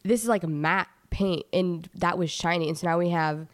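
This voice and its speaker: A young woman co-hosting a podcast in casual chat, teasing and quick to laugh. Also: on the low side. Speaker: podcast co-host.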